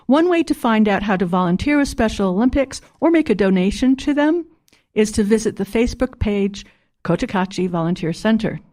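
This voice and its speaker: A woman's voice: medium pitch, fairly quick. Woman reading local radio announcements. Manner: steady, clear read-aloud delivery. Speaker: radio host.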